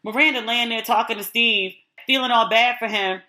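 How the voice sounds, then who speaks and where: A woman's voice: a little high, normal speed. A woman hosting her podcast in a casual solo chat, candid and blunt, who swears freely and acts out the people she talks about. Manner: animated retelling with acted-out quotes. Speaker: podcast host.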